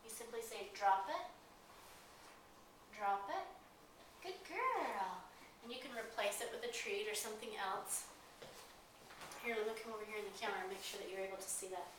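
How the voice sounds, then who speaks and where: A woman's voice: mid-range voice, little pitch movement, fast. A woman dog trainer explaining obedience commands, moving between firm authoritative and chipper upbeat tones. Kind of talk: instructional demonstration. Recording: very echoey, distant mic, clear ambient noise.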